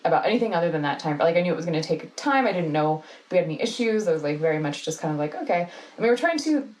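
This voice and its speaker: A woman in her thirties, a podcast co-host chatting casually, relaxed with wry interjections and hesitant fillers. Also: fairly low pitch, racing, low-quality recording. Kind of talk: casual chat.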